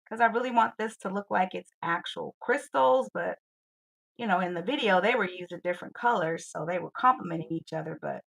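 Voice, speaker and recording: A woman's voice: mid-range voice, gravelly, pushed and bright, low-quality recording. A woman with a Southern US accent, chatting casually with viewers while she colors on her livestream and talking herself through her work. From Georgia, US.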